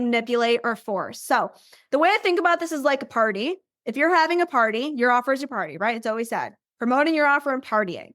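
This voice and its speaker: A woman's voice: high voice, fairly bright tone, dry recording, clean studio sound. A woman business coach giving an upbeat, chatty training and constantly checking in with "right?". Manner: acts out invitees in bubbly voices.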